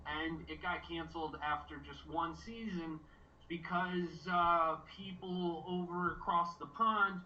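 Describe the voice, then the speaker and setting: A man's voice: a little high, fairly even intonation, takes it slowly, pushed and bright, distant mic, lo-fi sound. A man hosting a casual watch-party chat, rambling with many fillers. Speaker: podcast host.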